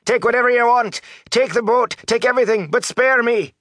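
Man putting on a cowering boatman, shrill high pleading, dry close sound. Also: fairly quick, fairly bright tone, no echo. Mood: terrified.

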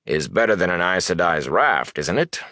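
A man reading aloud and voicing a wry older male gleeman with a slow, dry drawl. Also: low voice, big pitch swings, bright, forceful tone, no room sound, exaggerated voice. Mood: smug.

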